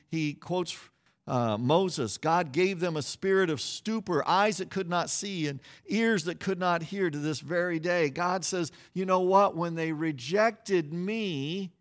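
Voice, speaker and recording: A man preaching a sermon, telling a story in an animated way, acting out quoted voices, with frequent restarts and repeated words. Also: fairly high pitch. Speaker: pastor.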